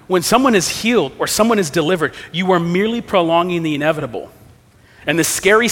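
Guy preaching a sermon in a church, kinda high voice, big hall echo, earnest, gets loud then quiet. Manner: earnest, preaching with emphatic swings in volume. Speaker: pastor. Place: church sanctuary. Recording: long reverb of a church hall.

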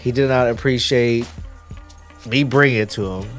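A man's voice: mid-range voice, moderate pace. A man spins a long, profane story for his friends on a casual podcast. He acts out the other people's lines as he goes. Faint music plays underneath. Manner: profane, animated retelling with acted-out quotes. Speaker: podcast co-host.

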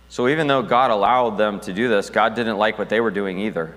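A man's voice: lowish voice, fairly quick, a bit bright, big-room sound. A man preaching a sermon as pastor, talking conversationally with restarts and reading scripture aloud.

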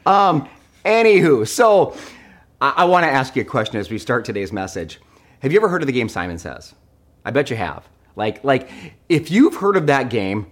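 A middle-aged male pastor giving a livestreamed sermon as an animated, joking storyteller. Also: medium pitch.

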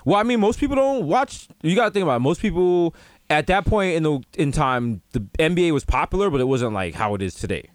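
A man, co-hosting a casual comedic chat and acting out stories with lively put-on voices. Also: fairly high pitch, fast, dry recording. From New York. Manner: animated storytelling, acts out other voices. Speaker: podcast co-host.

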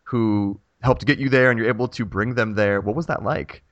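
Low-voiced male podcast host. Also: normal speed, a bit bright, no room sound. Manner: rambling, rephrased questions. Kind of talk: casual interview chat. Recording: dull dry podcast audio.

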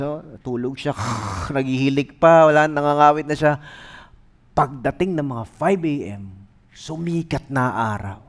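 A man with a Filipino accent preaching a sermon as pastor, telling stories in an animated, humorous way. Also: fairly high pitch, moderate pace. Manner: animated, humorous storytelling mixing English and Tagalog.

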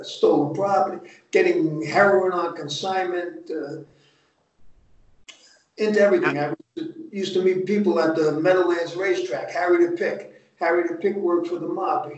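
Older jersey guy telling it like it is, swears a lot, sounds far off and muffled. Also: fairly high pitch. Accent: New Jersey. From North Jersey. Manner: blunt, profane, streetwise storytelling. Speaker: podcast guest, retired undercover agent. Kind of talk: casual storytelling interview. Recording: distant, echoey, muffled remote audio.

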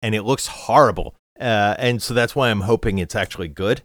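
A man's voice: lowish voice, brisk, fairly bright tone, no room sound, clean studio sound. A man co-hosting a casual movie podcast, making wry remarks that trail off into fillers. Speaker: podcast co-host.

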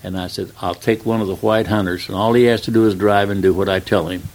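A retired stuntman, an older man with a lowish voice, tells an anecdote as an interview guest. He's relaxed, unhurried, and plain-spoken, quoting dialogue along the way.

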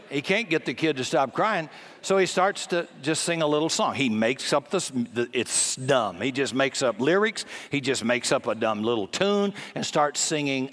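A man preaching a sermon, emphatic and folksy, with loud peaks on key points and casual asides. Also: fairly high pitch, sing-song, moderate pace. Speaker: pastor.

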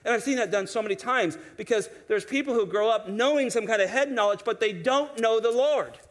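Male pastor, higher-pitched voice, lively sermon delivery with restarts. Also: a little fast. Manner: animated preaching with quoted voices and restarts.

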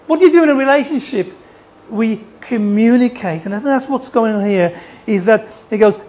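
An animated preacher delivers a sermon, firing question after question at the congregation. The voice sits at a middle pitch and keeps circling back over its own phrases. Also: normal speed, low-quality recording. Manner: animated, asks the listeners questions; repeats and restarts phrases.

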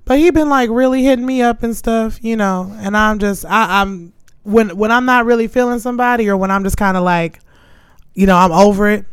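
Woman, casual storytelling, acts out voices, smooth clear voice, dry sound. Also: mid-range voice, brisk, dry recording. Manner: animated, quotes people in voices. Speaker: podcast co-host.

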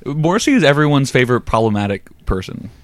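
A man's voice: medium pitch, big pitch swings, fast, a little hiss or hum. A man hosting a comedy podcast, joking sarcastically with lots of ums and uhs. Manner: joking, sarcastic, many fillers. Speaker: podcast host. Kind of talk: casual comedy podcast chat.

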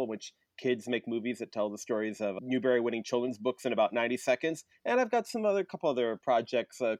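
A man's voice: medium pitch, no room sound. A man co-hosting a podcast, chatting casually and giving brief, dry replies. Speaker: podcast co-host.

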